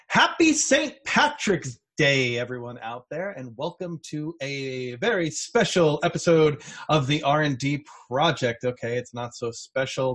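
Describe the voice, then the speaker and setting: Chatty male podcast host. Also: medium pitch. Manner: chatty, with restarts and fillers. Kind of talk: casual podcast chat.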